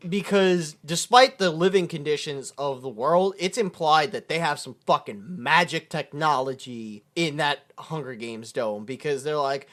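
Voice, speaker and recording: A man with a notably high voice talks about a film on a podcast. He explains at length in a casual way. His remarks turn dry and sarcastic. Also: fairly bright tone. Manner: sarcastic, swearing, drawn-out explanations. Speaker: podcast co-host. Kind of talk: casual movie discussion.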